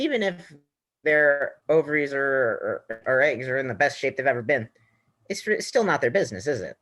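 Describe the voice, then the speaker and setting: A young man activist in casual group discussion, talking in halting, restarting bursts. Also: mid-range voice, fairly bright tone. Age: young adult. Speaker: youth activist.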